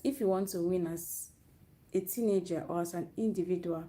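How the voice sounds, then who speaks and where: Her voice lowish and dark in tone, a woman who speaks to youth gives an earnest faith talk meant to motivate, streamed live on her own network. Her intonation stays fairly even at a normal speed, and she repeatedly restarts phrases.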